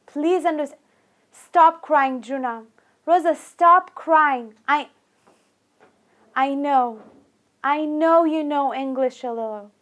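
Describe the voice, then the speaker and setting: A tender father coaxes his crying daughter, played by a woman. He speaks slowly and softly, repeating himself as he pleads. The voice sits high and unhurried. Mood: tender pleading. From Iran. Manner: soft, slow, coaxing, repeating himself.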